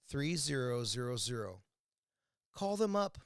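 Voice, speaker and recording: A man's voice: fairly high pitch, expressive, normal speed, dry recording, clean studio sound. A man from the United States delivers a blunt, profane political rant at home over a beer. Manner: angry, blunt, swears constantly. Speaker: vlogger. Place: indoors at home, drinking a beer.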